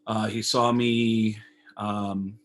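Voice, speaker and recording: A man's voice: fairly low pitch, drawn-out words, poor audio. A man, a comedian, telling a long anecdote on a video call in a casual, profane way, jumping into other people's voices as he goes. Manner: animated, profane, acts out others' lines in raised voices. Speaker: comedian guest. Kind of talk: casual storytelling interview.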